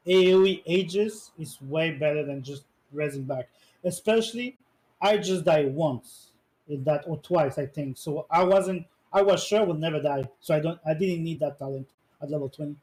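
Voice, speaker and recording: Higher-voiced man, casual interview answers. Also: darkish tone, poor audio. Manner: rambling, searches for English words. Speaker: esports player being interviewed.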